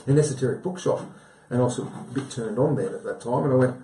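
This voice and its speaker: A man with a dark, mellow voice talks earnestly as a guest on a live TV show. He rambles and repeats himself. The sound comes from a roomy, echoey studio. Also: mid-range voice, fast, far from the mic, slight background noise. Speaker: guest healer. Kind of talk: live TV chat.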